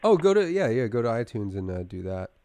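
A man's voice: medium pitch, big pitch swings, a little fast, dark tone, clear, resonant tone, no echo. A man co-hosting a casual podcast, enthusiastic and laughing often as he chats with a guest. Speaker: podcast co-host.

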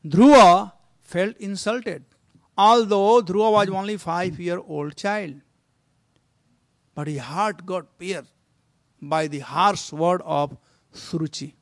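A man's voice: high-pitched, a bit bright, no room sound, clean studio sound. A male preacher telling a story in a sermon, earnest and exhorting his listeners.

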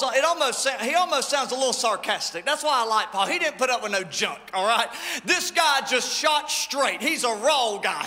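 A man preaching a sermon as lead pastor, impassioned and swinging between shouts and low asides. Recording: church hall with long reverb.

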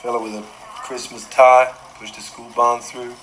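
A man's voice: mid-range voice, little pitch movement, moderate pace, fairly bright tone, slight background noise, natural voice, rough recording. An actor playing a plainspoken man in a film drama, talking in a dry, matter-of-fact way. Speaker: film character.

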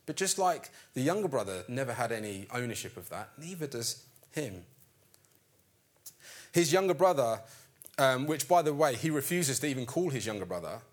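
A man preaching a sermon in an animated storytelling way, acting out the characters' lines. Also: on the high side.

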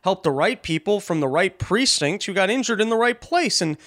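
Man acting out a lazy male cop, whiny, put-upon, high-pitched. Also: animated, brisk, fairly bright tone, dry recording, studio quality.

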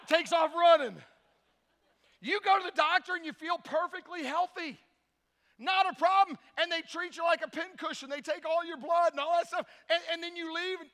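A pastor preaching a sermon, telling stories with animated voices and acting out the characters. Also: male voice, very high-pitched, a little fast, big-room sound.

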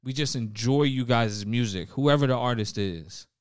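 A man's voice: mid-range voice, moderate pace, clean tone, dry recording, clean studio sound. A young man hosting a casual podcast, talking loosely with lots of swearing, trailing off and restarting. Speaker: podcast host.

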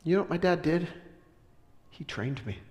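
A middle-aged man preaching a sermon, telling a funny family story with laughs, then building to loud, emphatic preaching. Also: on the high side, normal speed. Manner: animated, joking, with laughs and sudden loud preaching. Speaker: pastor. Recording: long reverb of a large hall.

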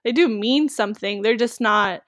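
A woman's voice: fairly high pitch, moderate pace, a bit bright, no echo. A young woman co-hosting a casual discussion, talking emphatically with lots of "like" fillers. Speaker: co-host.

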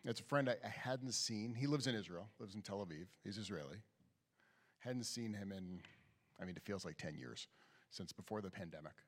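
A man's voice: lowish voice, moderate pace. A man, a rabbi, giving a sermon in a conversational storytelling style inside a synagogue sanctuary. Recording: long hall reverb.

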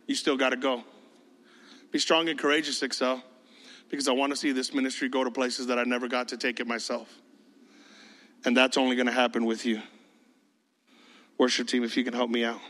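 A man's voice: medium pitch, level tone, normal speed, long pauses, a bit bright, big-room sound. A man preaching to his youth group in a casual, joking way, often mimicking teenagers' voices. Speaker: youth pastor. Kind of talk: sermon.

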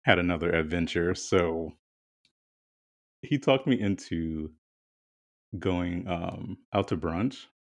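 Deep-voiced man telling a candid story. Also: slow, long pauses. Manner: chatty, candid storytelling with some swearing. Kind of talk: casual chat.

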